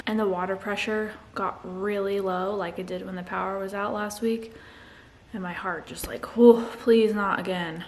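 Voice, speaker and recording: A woman's voice: mid-range voice, fairly even intonation, moderate pace. A woman vlogging as a mom, chatting frankly and tiredly and laughing often. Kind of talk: casual vlog chat.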